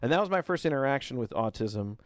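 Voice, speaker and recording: A man's voice: medium pitch, animated, fast talker, no room sound. Rambling male podcast host, dry sound. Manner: rambling, many fillers and restarts. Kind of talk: casual podcast storytelling.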